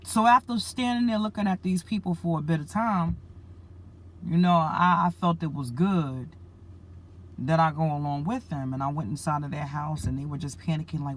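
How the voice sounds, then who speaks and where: A woman's voice: lowish voice, normal speed. A woman preacher earnestly retelling a dream to her listeners, repeating herself and calling them family. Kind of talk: spoken religious message.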